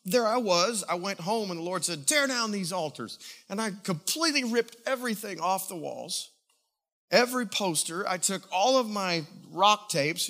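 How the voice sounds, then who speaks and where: A man preaching a sermon as a pastor, telling a personal testimony in an emotional, animated way. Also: sits high, gravelly.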